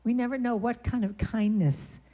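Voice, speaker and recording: Woman, warm mellow voice, church talk, storytelling sermon, chatty. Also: a little high, steady tone, moderate pace. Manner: conversational, with brief sung lines. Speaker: guest speaker and singer. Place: church sanctuary.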